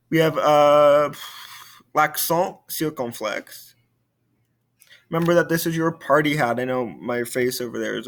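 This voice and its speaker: A man's voice: fairly high pitch, fairly bright tone. A male French teacher giving a recorded video lesson, explaining patiently and repeating key points.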